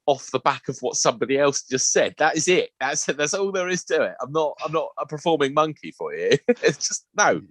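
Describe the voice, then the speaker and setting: A man's voice: on the high side, expressive, brisk, hardly any pauses, a bit bright, no room sound. A young man co-hosting a podcast, ranting with exasperation and swearing. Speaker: podcast co-host. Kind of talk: casual chat.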